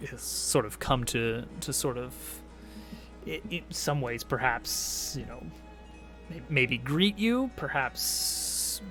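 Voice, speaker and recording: A man narrating as game master of a tabletop role-playing game, halting with many fillers and restarts. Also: a little high, fairly bright tone.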